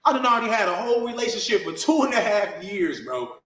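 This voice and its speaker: A man's voice: high voice, sing-song, quick pace, fairly bright tone. A man in a heated, confrontational rant to camera, answering his critics in slangy talk and calling people "bro" again and again. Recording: echoey room.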